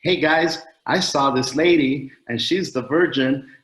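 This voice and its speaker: A man's voice: on the high side, measured pace, a bit bright, roomy sound. A man doing a stammering, eager villager. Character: flustered young native man reporting a miracle.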